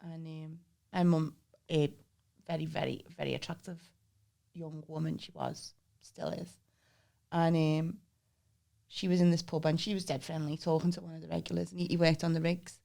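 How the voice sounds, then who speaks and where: Here a female podcast co-host chats casually and spins stories, laughing a lot and performing the voices she quotes. She speaks at a moderate pace in a low, mellow, creaky voice with a flat delivery.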